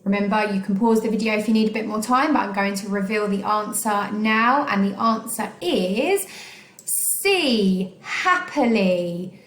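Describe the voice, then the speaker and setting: A woman teaching a recorded online phonics lesson, slowly sounding out each syllable of words for young pupils. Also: medium pitch, fairly bright tone, roomy sound. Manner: slow, clearly sounding out syllables. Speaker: primary school teacher.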